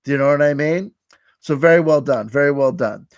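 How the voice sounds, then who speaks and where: A man's voice: fairly high pitch, a little fast, no echo. Sarcastic man giving a mock lecture. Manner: mock-earnest, sarcastic, repeats words. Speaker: host running a mock workshop. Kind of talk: sardonic mock-lecture on a live stream.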